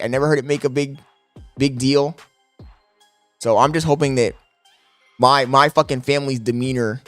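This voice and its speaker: A young man streaming live from his apartment, talking loudly and profanely to his chat into a desk microphone, laughing often. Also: medium pitch, no room sound. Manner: loud, yelling into the mic, profane, laughing.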